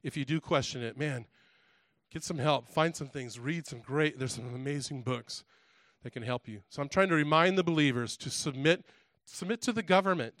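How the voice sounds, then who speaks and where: A man's voice: a little high, moderate pace, a bit bright, no room sound. A man preaching a sermon in a conversational way, asking the congregation direct questions and often restarting his words. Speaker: pastor.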